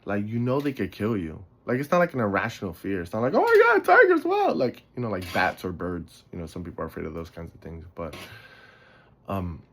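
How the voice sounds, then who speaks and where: A man's voice: low voice, a little fast. A man from the Bronx, hosting a podcast and rambling casually through stories while yawning and sleepy. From the Bronx, New York. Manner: rambling, loses his thread, swears casually. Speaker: podcast host. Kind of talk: casual storytelling monologue.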